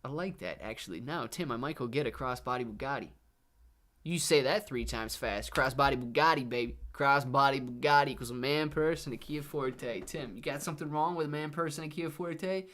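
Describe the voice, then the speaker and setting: A man's voice: medium pitch, a little fast, fairly bright tone. A young man hosting a casual live stream, chatting with viewers, laid-back and peppering every sentence with "dude" and "man". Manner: laid-back, says "dude" and "man" constantly, reads chat aloud. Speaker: livestream host.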